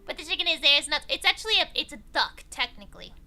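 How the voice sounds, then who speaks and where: A woman streamer in casual stream chat, rambling and chatty, quick to laugh. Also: high voice, very animated, sharp tone, a little hiss or hum. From not from England.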